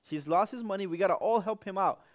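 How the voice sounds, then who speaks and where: A man's voice: fast, lightly acted. A man doing a coaxing, caring mother. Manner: coaxing, pitched up.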